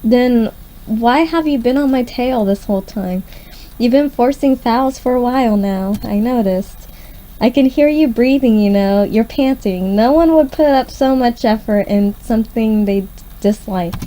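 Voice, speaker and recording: Suspicious young woman athlete, blunt and pushy, read by a woman, kinda high, mellow tone. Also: measured pace, close to an everyday voice, rough recording. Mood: probing. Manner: blunt, probing questions. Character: guarded, suspicious young woman basketball player. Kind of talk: reading a visual novel aloud.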